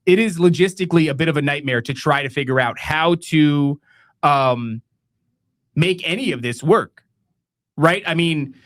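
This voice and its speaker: A man's voice: sits high, fairly bright tone. An American man hosting a podcast, telling a story in a profane, mocking rant and laughing at his own tale. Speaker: podcast host.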